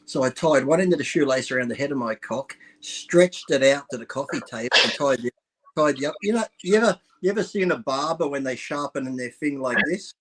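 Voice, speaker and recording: A man with a husky, slightly rough voice spins crude anecdotes in loose, casual chat. He laughs his way through his own stories, and his pitch stays in an ordinary middle range. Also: animated, a little fast, a bit bright. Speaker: guest.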